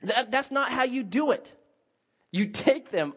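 A man's voice: sits high, moderate pace, highs cut off. A man preaching a sermon, telling a story and acting out the people in it. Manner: animated, acts out scenes with shouted quotes. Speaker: pastor.

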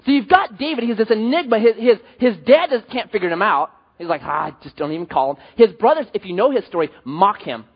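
A male pastor preaching in a lively, joking storytelling manner, his high voice leaping up and down. His tone is husky and breathy. The sound is slightly dull and rings with a long reverb from a church hall. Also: fairly quick, hardly any pauses. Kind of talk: sermon.

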